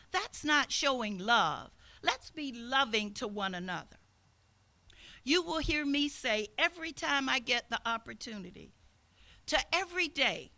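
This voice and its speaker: Older woman pastor, fairly high and bright, lively storytelling sermon. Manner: storytelling, acts out quoted speakers. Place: outdoors.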